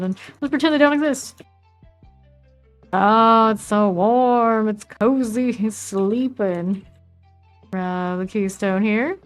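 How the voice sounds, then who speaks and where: A woman with a Southern US accent, casually commenting while she plays a game, chatty and relaxed as she reads out item names. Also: medium pitch. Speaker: streamer.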